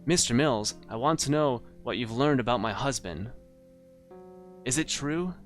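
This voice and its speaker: A man's voice: medium pitch, animated, a little slow, soft background music, close to an everyday voice. A man voicing a scheming married woman client in a noir story game, pleading and then seductive.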